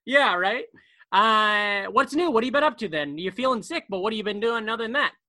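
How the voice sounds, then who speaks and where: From his bedroom at home, a man co-hosts a podcast, rambling and joking through casual chat, talking fast and often repeating words. His high voice is expressive, pushed and bright, with no room sound.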